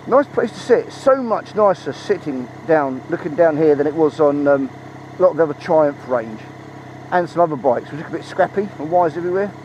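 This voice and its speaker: Man, higher voice, chatty motorcycle review, helmet mic, muffled sound, loud engine noise. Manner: chatty, excitable, swears freely. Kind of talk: casual ride-along review commentary. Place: outdoors on a motorbike in traffic. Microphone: helmet-mounted mic.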